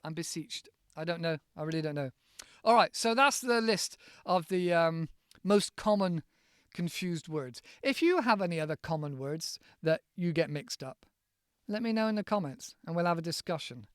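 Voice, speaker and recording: A man's voice: fairly high pitch, expressive, moderate pace, clean tone, dry recording, studio quality. A man hosting a casual vocabulary lesson, rambling and spelling out words letter by letter. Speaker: podcast host teaching English vocabulary. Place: countryside home.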